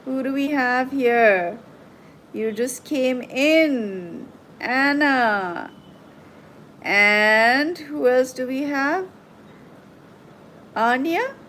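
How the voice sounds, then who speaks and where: A woman hosting a live tarot and coaching stream, talking gently and reassuringly to her viewers as she reads their comments. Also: high voice, slight background noise, poor audio. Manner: soothing, reassuring, slow and gentle.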